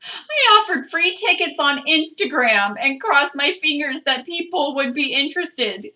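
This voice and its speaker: A woman's voice: sits high, expressive, a little slow, sharp tone, a little hiss or hum, rough recording. A woman vlogger reading a book aloud, breaking off with chatty, giggly asides. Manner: chatty, self-interrupting, giggly. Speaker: channel host.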